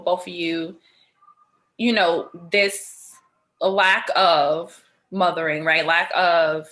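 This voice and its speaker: A woman hosting a podcast, telling personal stories in a casual, animated way with lots of slang and laughter. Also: fairly low pitch, takes it slowly. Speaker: podcast host. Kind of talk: casual chat.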